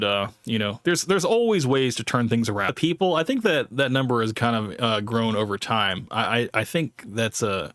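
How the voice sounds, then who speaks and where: Male live stream host, mid-pitched and dry, rambling, blunt, self-deprecating jokes. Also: fairly bright tone, no room sound. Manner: rambling, with many fillers and restarts. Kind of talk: casual live commentary.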